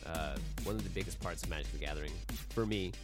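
A man's voice: a bass voice, fast, over music. A man co-hosting a podcast about a card game, chatting in an upbeat way and reading out the show's credits. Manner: upbeat, reads plugs and credits. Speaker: podcast co-host. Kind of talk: casual chat.

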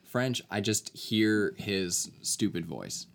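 A man co-hosting a casual movie chat with dry, deadpan wit. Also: lowish voice, slow pace, gravelly. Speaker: podcast co-host reviewing a movie.

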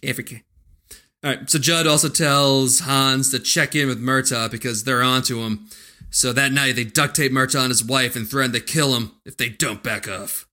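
A man's voice: mid-range voice, fairly even intonation, normal speed, bright, forceful tone. A man co-hosting a casual movie podcast, joking crudely and recapping the plot. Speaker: podcast co-host.

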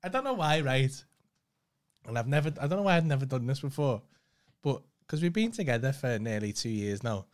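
A woman's voice: rumbling low, expressive, a little fast, a little mellow. A woman co-hosting a casual chat podcast, skeptical, teasing and sweary.

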